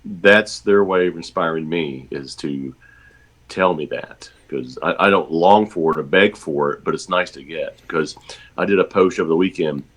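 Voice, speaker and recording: A man chatting casually as a regular guest, talking in a halting, self-deprecating way. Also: low-pitched, fairly bright tone. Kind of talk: casual chat.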